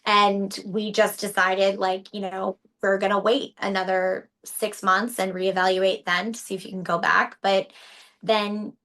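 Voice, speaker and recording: A woman's voice: medium pitch, flat delivery, measured pace, a bit bright. A woman in her thirties, partner of a stroke survivor, speaking candidly and emotionally in an interview, with frequent restarts. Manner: candid, tearful at times, many restarts.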